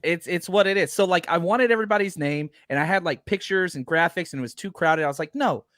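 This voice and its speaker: A man hosting a casual sports podcast roundtable, his voice hoarse and tired, talking in a self-deprecating, animated way. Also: fairly high pitch, fast talker, no room sound, clean studio sound. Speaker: podcast host. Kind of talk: casual chat.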